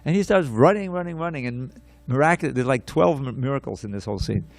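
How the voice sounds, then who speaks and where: A man giving a scripture class, telling a story in an animated way, repeating words and restarting his sentences. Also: mid-range voice, fast, vocal fry, dry recording.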